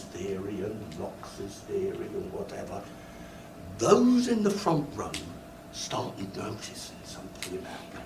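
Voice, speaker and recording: A man's voice: fairly low pitch, wildly swooping pitch, a little slow. An older British man giving a university lecture, animatedly telling stories and acting out his own embarrassed asides. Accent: British English. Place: lecture hall. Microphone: room recording from a distance. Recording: echoey lecture hall, distant mic, faint noise. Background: student laughter.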